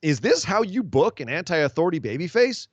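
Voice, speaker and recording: A man's voice: fairly high pitch, very animated, brisk, no room sound. A man hosting a casual podcast, recapping and picking apart wrestling storylines in long opinionated stretches. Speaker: podcast host.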